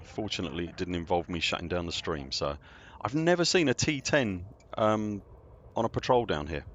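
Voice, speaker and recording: A man chatting casually on a game stream, excitable and self-deprecating, often laughing. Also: deep voice, moderate pace, a little hiss or hum. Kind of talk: casual live-stream chat.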